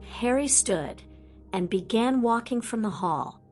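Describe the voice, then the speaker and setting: A woman reads a fan fiction audiobook at a slow, deliberate pace, with a voice of ordinary pitch. Faint music sits underneath her narration. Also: expressive, a little mellow.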